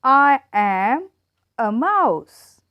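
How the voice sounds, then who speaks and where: Woman teacher, children's animal riddles, very slow, bouncy sing-song delivery, dull dry recording. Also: high voice, sing-song, no room sound.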